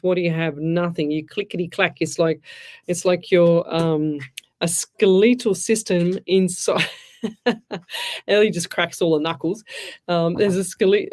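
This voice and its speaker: A woman's voice: lowish voice, darkish tone. Chatty, blunt woman medium. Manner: chatty, rambling, frank and blunt advice. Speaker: psychic medium radio host. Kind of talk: casual live-stream chat, reading out comments.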